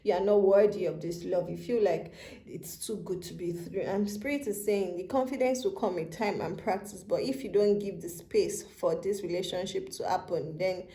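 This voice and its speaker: A woman's voice: on the low side, normal speed, warm tone, echoey room. A woman giving a channeled tarot reading, speaking tenderly to the listener and near tears as she talks. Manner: tender, emotional, addresses listener as baby and love. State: tearful, near crying. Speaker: tarot reader. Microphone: handheld phone camera.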